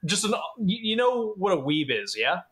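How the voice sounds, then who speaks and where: A man hosting casual podcast chat, laid-back, swearing often and tossing in quick jokes. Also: high voice, very animated, fairly bright tone. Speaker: podcast host.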